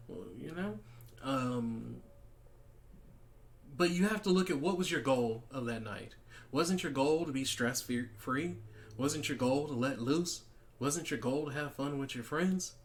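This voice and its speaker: A man speaking in a relaxed, conversational monologue at a middle pitch. He often restarts his sentences and slips into quick acted-out exchanges to make his point. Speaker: podcast host. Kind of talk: casual monologue giving life advice.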